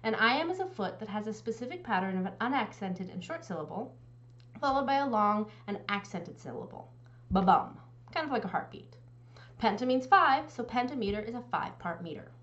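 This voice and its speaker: A woman instructor giving a recorded lecture with a clear, explanatory teaching manner. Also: fairly high pitch, animated, a little fast, fairly bright tone, muffled recording.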